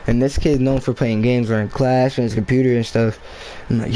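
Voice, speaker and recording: Casual vlogger man, rambling and slangy storytelling, mid-pitched. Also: level tone, fairly quick, warm tone, slight background noise, poor audio.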